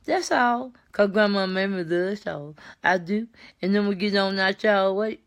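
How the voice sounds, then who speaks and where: An older woman, chatting warmly on a live stream and greeting viewers by name. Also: mid-range voice, measured pace, smooth. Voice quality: warm, folksy. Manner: chats with viewers by name, repeats herself, laughs easily. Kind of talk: casual live chat with viewers.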